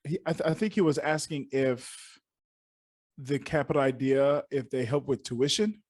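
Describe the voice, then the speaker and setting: A man's voice: mid-range voice, steady tone, normal speed, darkish tone. A man hosting a student mentoring podcast, upbeat and effusive, repeating words for emphasis. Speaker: host. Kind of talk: casual podcast chat.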